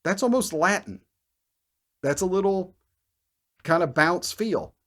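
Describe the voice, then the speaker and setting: Energetic man teaching bass, scatting riffs. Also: slow, heavy background noise. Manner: counts beats aloud and scats riffs; energetic, emphatic explaining. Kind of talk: instructional video lesson.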